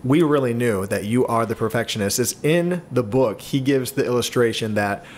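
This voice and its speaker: A man co-hosts a casual podcast with his wife and teases her playfully. He often drags his words out slowly for effect. A faint low rumble runs underneath. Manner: teasing, drawn-out, playful. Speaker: podcast co-host, pastor. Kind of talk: casual married-couple chat.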